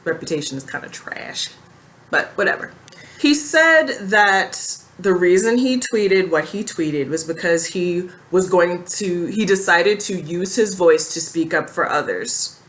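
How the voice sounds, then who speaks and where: A woman's voice: fairly low pitch, a little slow, fairly bright tone. A woman giving casual reaction commentary in a sassy, blunt way, firing off rhetorical questions.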